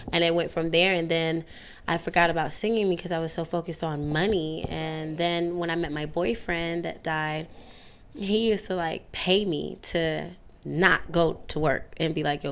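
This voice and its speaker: A woman's voice: lowish voice, creaky. A young woman as an interview guest, chatting candidly and telling stories, sometimes slipping into playful voices. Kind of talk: casual interview chat.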